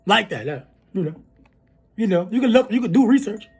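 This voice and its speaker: A video creator goes on an angry, profane spoken rant to viewers, swinging between shouting and muttering, pausing for apologetic asides, and repeatedly asking "you heard me" and "you feel me". The voice is mid-range, expressive, brisk, and husky.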